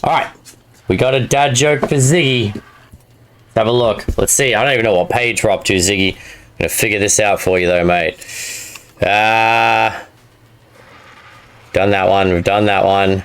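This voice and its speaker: A man's voice: lowish voice, steady tone, normal speed, long pauses, a bit bright, clear, resonant tone. Chatty man streaming a game. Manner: chatty, talks to chat and viewers by name; self-amused, laughs at own jokes. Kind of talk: live gameplay stream chat.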